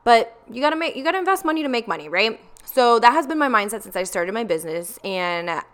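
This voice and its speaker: A woman's voice: a little high, very animated, quick pace, fairly bright tone. A young woman telling a candid personal story in a confessional vlog, with plenty of ums and likes.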